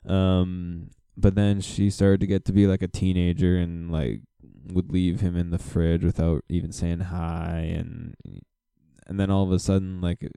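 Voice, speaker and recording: Deep, gravelly-voiced man hosting a podcast. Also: warm tone, dry recording, clean studio sound. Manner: rambling, filler-heavy storytelling. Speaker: podcast host. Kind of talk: casual solo podcast monologue.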